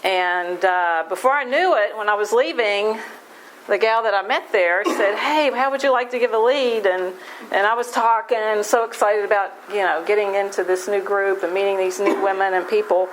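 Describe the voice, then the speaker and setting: Woman, recovery-meeting share, candid and halting, mid pitch, faint background hiss. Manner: halting, candid, with many fillers and restarts. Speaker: AA meeting speaker. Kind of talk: personal recovery talk.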